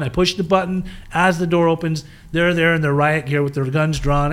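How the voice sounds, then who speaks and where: A man telling his life story as a guest in an interview, animated and acting out the voices of the people he quotes. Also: a little high, fairly quick. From southern California.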